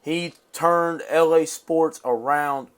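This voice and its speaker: A man's voice: on the high side, steady tone, slow. A man hosting a casual sports talk show, agreeable and reading posts aloud. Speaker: host.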